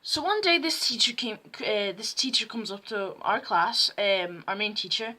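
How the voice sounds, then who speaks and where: A woman's voice: mid-range voice, lively intonation, moderate pace, sharp tone. A teenage girl telling rambling, self-mocking stories to camera at home. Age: teens. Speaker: vlogger. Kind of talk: casual storytime chat to camera.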